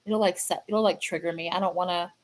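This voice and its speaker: A woman hosting her own fan channel, chatting casually and sadly to viewers, halting and repeating herself with many fillers. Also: fairly low pitch, fairly even intonation, rough recording. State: sad, grieving. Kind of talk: casual livestream chat to viewers.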